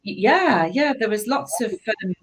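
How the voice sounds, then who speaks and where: A woman with a slightly high voice joins a casual podcast chat as co-host. She talks hesitantly and fills her sentences with ums and restarts. Her tone stays conversational. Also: expressive, a little slow, husky. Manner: hesitant, many fillers.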